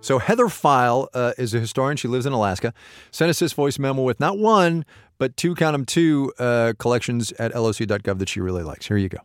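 A man co-hosting a podcast in casual chat, animated and jokey, often exclaiming. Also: mid-range voice, brisk, no echo, soft background music. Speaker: co-host.

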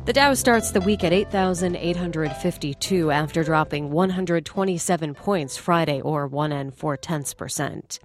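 A woman hosting a morning business news radio show, reading the headlines in a brisk, conversational way with wry asides. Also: low voice, faint music behind. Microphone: studio microphone.

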